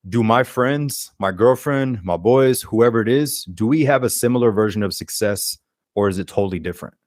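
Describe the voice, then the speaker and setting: Low-voiced man, animated. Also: normal speed, no echo, clean studio sound. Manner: energetic, acts out quoted speech. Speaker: podcast guest, life coach. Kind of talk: casual interview chat.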